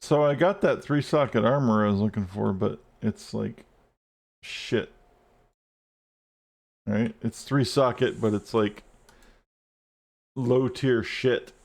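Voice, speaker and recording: A man's voice: mid-range voice, takes it slowly, long pauses, darkish tone. Chill guy streaming a game, rambly and sweary, keyboard clacking behind him. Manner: laid-back, rambling, swears often. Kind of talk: casual live-stream chat while playing.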